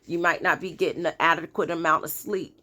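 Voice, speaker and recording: A woman talking casually as a spiritual life coach, giving a daily energy reading in a chatty way and bursting into excited outcries now and then. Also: deep voice, fairly quick.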